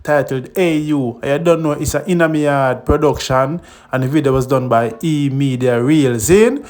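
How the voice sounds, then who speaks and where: A man's voice: mid-range voice, normal speed, a little mellow. A man with a Jamaican accent hosting a reaction vlog, chatting in patois and laughing often. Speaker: host.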